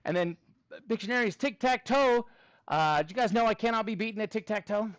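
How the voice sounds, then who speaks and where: A man teaching a middle school math class, talking in a playful, animated way with many fillers. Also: high-pitched, brisk, clean tone, no echo, rough recording. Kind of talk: classroom lesson.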